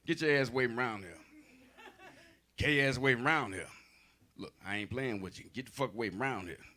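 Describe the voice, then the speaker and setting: Man voicing a gruff old man, lower voice, menacing, coarse, threatening. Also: quick pace, pushed and bright. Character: gruff old man shooing someone away.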